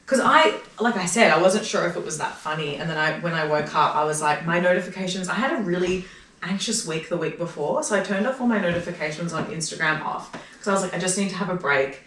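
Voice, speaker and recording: A woman's voice: lowish voice, fast talker, slight background noise. An Australian woman on a podcast as a comedian guest, chatting casually and acting out her own quoted lines as she tells stories. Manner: animated storyteller who acts out her own quoted lines. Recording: echoey room, mic far off.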